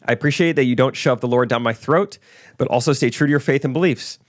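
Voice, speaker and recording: A man's voice: mid-range voice, no echo, studio quality. A man co-hosting a podcast, joking around and reading out a listener review. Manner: joking, quick to laugh. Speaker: podcast co-host.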